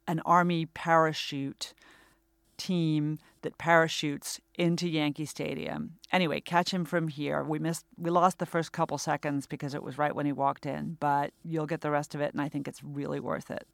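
A man's voice: on the high side, level tone, normal speed, gravelly, dry recording. A man hosting a podcast, setting up a clip and reading the upbeat sign-off. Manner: upbeat, reads the sign-off brightly. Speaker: podcast host.

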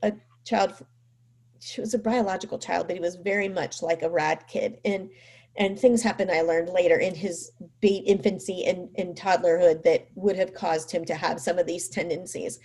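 A woman's voice: lowish voice, normal speed, breathy edge. A mother telling a personal story in a casual way, full of "like" and "you know", acting out what people said. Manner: animated, acts out quoted speech; frequent fillers like "like" and "you know".

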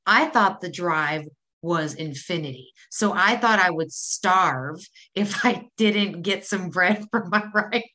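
A woman's voice: on the low side, slow pace, pushed and bright. A woman from Wisconsin with a Wisconsin accent, chatting casually as a podcast co-host and laughing easily. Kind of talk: casual chat.

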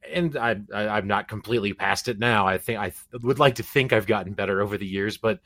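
A man hosts a podcast and talks in a reflective way, thinking aloud as he builds his point. His voice sits fairly low, and the sound is dry and close. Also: a little fast, a bit bright, dry recording. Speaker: podcast host. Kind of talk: conversational interview.

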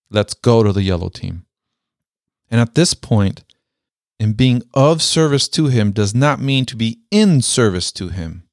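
A man's voice: medium pitch, dry recording. Man, motivational storytelling, emphatic, repeats phrases, dry close sound. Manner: emphatic, repeats key phrases, slows down for weight. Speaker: speaker telling a personal story.

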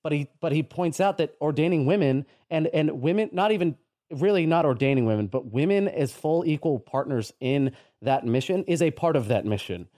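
A man co-hosting a podcast in casual discussion, halting and often restarting, but agreeable. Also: fairly high pitch, animated, warm tone, dry recording, clean studio sound. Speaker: podcast co-host.

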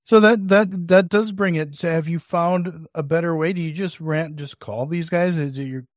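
Male podcast host, halting questions, somewhat high voice, dry sound. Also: fairly even intonation, no room sound. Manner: asks questions in short halting bursts. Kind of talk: podcast interview.

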